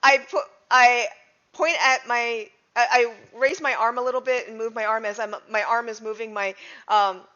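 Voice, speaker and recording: A woman with a slightly high voice plays in a tabletop game, carefully describing what her character does. The audio is dull and lo-fi. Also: steady tone, normal speed, pushed and bright. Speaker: player. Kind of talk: casual tabletop play.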